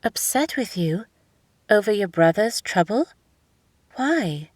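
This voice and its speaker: A woman voicing a runaway young princess who speaks formally and gently. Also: medium pitch, animated, takes it slowly, no echo. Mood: gentle.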